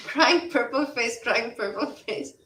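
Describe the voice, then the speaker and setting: A woman's voice: fairly high pitch, slow, pushed and bright, roomy sound, recorded from a distance, low-quality recording. A woman hosting a casual livestream chat, rambling and blunt, swearing freely. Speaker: livestream host.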